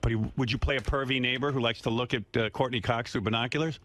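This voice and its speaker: A man's voice: medium pitch, steady tone, fast, fairly bright tone, slight background noise. A man hosting a radio show in casual banter, teasing his guest. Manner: teasing, slips into joking put-on accents.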